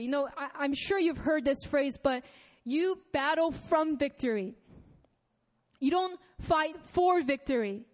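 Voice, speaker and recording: A young woman preaching a sermon in a conversational way, reading scripture and chatting with many asides and fillers. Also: high voice. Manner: reads scripture aloud.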